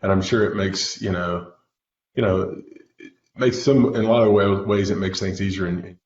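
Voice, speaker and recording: Male host, low-pitched, rambling questions, many fillers, echoey room, muffled audio. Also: steady tone, moderate pace, darkish tone, a little hiss or hum. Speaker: show host. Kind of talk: casual interview chat. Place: home studio setup. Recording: roomy dull lo-fi audio.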